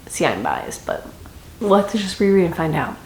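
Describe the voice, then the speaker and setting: A woman's voice: on the low side, very animated, normal speed. A young woman giving a casual, chatty book review with dramatic reactions and rambling asides. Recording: echoey room with faint noise.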